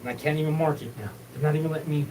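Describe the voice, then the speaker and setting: A man's voice: a little high, fairly even intonation, rapid-fire, far from the mic, noisy background. A man hosting his own show, talking in a rambling, repetitive, profane solo monologue. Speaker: show host.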